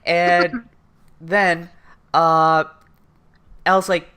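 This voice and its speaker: A woman in her twenties, co-hosting a casual anime recap with crude jokes and quick silly character voices. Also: deep voice, animated, fairly bright tone, clean tone. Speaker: podcast co-host.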